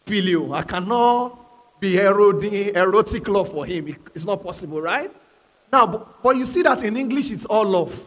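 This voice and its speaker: High-voiced, husky male pastor preaching. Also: lively intonation, moderate pace, fairly bright tone. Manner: asks the congregation questions and prods them to answer; emphatic, repeats key phrases. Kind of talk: sermon. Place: church hall with live congregation. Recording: long reverb of a large hall.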